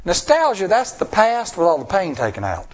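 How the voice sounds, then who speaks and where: A male pastor giving an expressive sermon, asking the congregation rhetorical questions and acting out the voices of people he quotes. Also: high-pitched, moderate pace.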